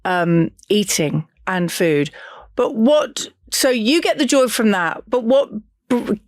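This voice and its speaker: A woman hosting a radio interview, bubbly and effusive, laughing often and chatting warmly with her guest. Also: medium pitch, expressive, slow, no room sound, studio quality. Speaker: radio show host. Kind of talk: casual radio interview chat. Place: radio studio.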